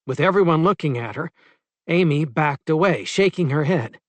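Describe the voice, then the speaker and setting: A man reading a short story in the first person for an audiobook, with a measured, steady delivery. His voice sits a little on the high side and is recorded close and dry. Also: dry recording. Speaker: audiobook narrator. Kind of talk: first-person scripted narration.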